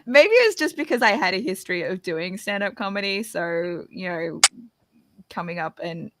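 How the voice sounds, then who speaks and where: A young woman hosting a casual chat, candid and animated, laughing often. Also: on the low side, normal speed, very noisy. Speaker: podcast host.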